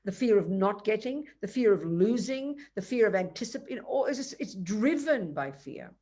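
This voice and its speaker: An older woman teaching Buddhism to a retreat audience, telling a story with lively, emphatic asides. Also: mid-range voice, normal speed. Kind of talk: dharma talk to a retreat audience.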